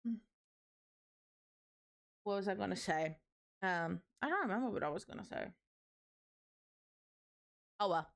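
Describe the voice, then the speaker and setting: A young woman chats casually on a live stream while she builds, rambling to her chat and calling herself a yapper. Her medium-pitched voice is expressive, unhurried and creaky, a little strained, with long pauses.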